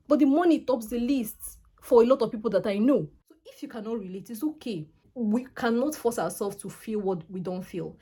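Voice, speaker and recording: Fast-talking Nigerian woman, husky and mellow. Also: medium pitch. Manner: frank, conversational, quick with many asides. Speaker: YouTuber. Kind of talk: casual talk to camera.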